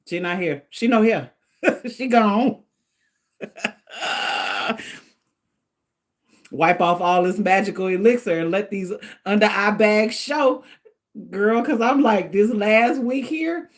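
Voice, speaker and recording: A middle-aged woman hosting a casual livestream, chatting in an animated way and laughing often. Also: medium pitch, slow pace, long pauses. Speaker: livestream host.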